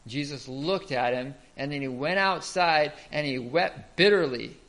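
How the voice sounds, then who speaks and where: A man's voice: a little high, a little slow, fairly bright tone. A man giving a Bible teaching talk, explaining step by step and asking the listeners rhetorical questions.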